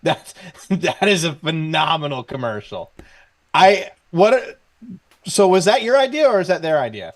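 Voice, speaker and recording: A man co-hosting a sports talk show, chatting casually with excitable praise and lots of fillers. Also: a little high, normal speed, few pauses. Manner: excitable, gushing, with many fillers. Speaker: co-host. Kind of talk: casual chat.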